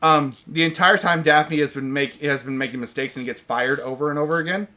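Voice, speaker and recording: A man's voice: fairly high pitch, steady tone, brisk, sharp tone. A man hosting a casual podcast, ranting in an exasperated, sarcastic way. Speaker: podcast host reviewing movies. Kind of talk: casual chat.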